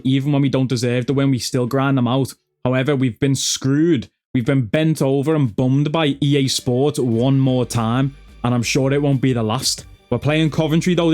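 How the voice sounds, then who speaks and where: A man's voice: medium pitch, a little mellow. A man commentating on his football game, slangy and full of swearing, calling everyone lad. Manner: swears a lot. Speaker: gaming YouTuber. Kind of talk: gameplay commentary.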